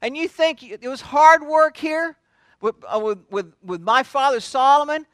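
A man acting out a boastful, harsh young king who mocks his people in a loud, blustering voice. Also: high voice, very animated, takes it slowly, no echo, heavily acted.

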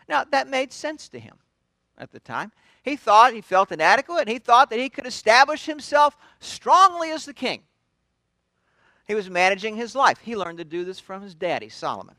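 Man, pastor, sermon, high voice, conversational storytelling, frequent restarts, dry close sound. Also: big pitch swings, normal speed, sharp tone, dry recording.

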